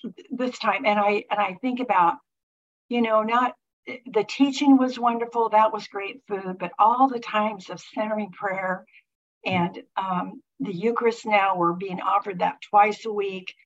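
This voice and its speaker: A middle-aged woman sharing a personal faith testimony with a group, talking haltingly with many restarts and fillers. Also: mid-range voice, fairly even intonation. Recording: muffled lo-fi recording.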